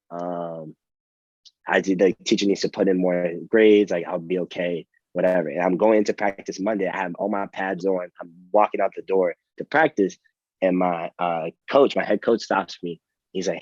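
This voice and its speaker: Deep-voiced young man, casual storyteller. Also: moderate pace, husky, no echo, muffled recording. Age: young adult. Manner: relaxed, rambling with many fillers and restarts. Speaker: college athlete guest.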